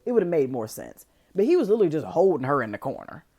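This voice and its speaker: A woman hosts a podcast and recaps a film in loose, chatty storytelling packed with fillers and slang. Her low-set voice swings widely in pitch as she gets caught up in the story. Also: very animated, fast talker, mellow, breathy edge. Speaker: podcast host. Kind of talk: casual movie recap.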